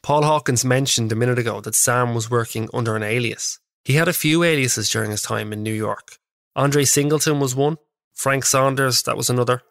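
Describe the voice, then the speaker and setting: A man narrating a documentary podcast as its host, in measured, scripted explanation. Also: mid-range voice, fairly bright tone, no room sound, clean studio sound.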